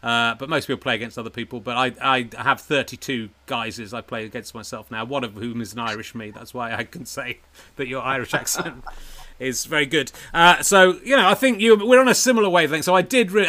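A man's voice: medium pitch, quick pace, bright, forceful tone. An English man hosting a comedy podcast, rambling and self-mocking and laughing often as he chats with a guest. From England. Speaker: podcast host. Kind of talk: casual comedic interview chat.

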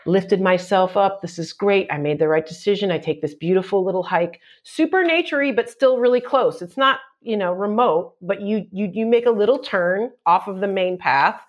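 A middle-aged woman, a comedian guest, telling a story on a chat podcast with lots of acted-out shouts and quotes. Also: medium pitch, normal speed, hardly any pauses.

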